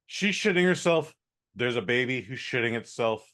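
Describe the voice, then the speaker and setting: A man holding forth on a comedy podcast, venting through a movie recap with plenty of swearing and exasperation. His voice sits at an ordinary middle pitch for a man, and he rambles from one complaint to the next. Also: expressive, normal speed, a bit bright. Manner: profane, rambling, exasperated storytelling. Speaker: podcast co-host reviewing a movie. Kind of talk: casual comedic movie review.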